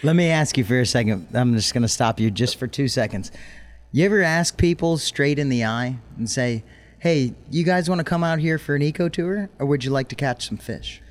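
A man's voice: medium pitch, fairly quick. A man on a casual chat who jokes and cuts in with questions.

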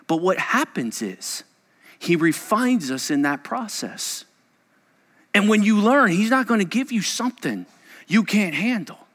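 Male pastor, high bright voice, emphatic sermon in an echoey church hall. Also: sing-song, a little slow. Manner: emphatic, repetitive, swings between loud and hushed.

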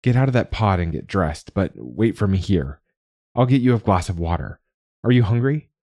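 A man voicing a gentle, protective father who speaks softly and carries guilt. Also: low-pitched, big pitch swings, normal speed, dry recording, clean studio sound. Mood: gently urgent. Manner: gentle and hushed.

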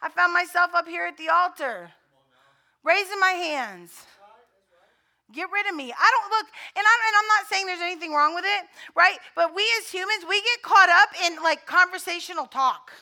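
Very high bright woman pastor preaching. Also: moderate pace. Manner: conversational storytelling preaching; swells to loud fervent repetition. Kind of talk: sermon.

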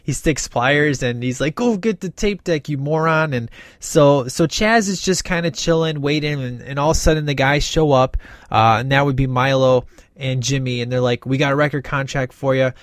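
Animated man recapping a movie, dry sound. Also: mid-range voice, normal speed, no room sound. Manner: animated retelling, acts out quoted dialogue, many fillers. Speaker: movie reviewer. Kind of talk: casual film recap.

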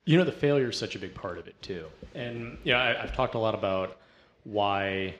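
A man's voice: on the low side, fairly quick, a bit bright, roomy sound, a little hiss or hum. A man hosting an interview, speaking in a reflective way with many fillers. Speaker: podcast host. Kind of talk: casual interview talk.

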